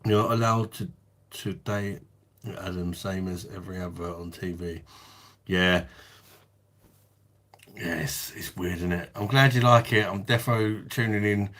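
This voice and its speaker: Host: blunt man, casual live chat, lowish voice, laughs freely. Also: level tone, unhurried, pauses often, fairly bright tone. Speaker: livestream host.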